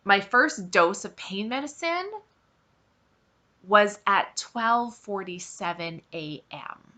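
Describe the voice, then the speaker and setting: A woman's voice: mid-range voice, lively intonation, slow pace, pushed and bright. A woman hosting her own vlog, telling a personal story to camera in a candid, emphatic and exasperated way. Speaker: vlog host.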